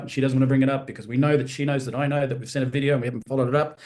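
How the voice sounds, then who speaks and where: A man giving a live-streamed training talk on making sales calls, energetic and lively, acting out phone conversations in different voices. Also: medium pitch, rapid-fire. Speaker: network marketing trainer. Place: room on a live stream with screens.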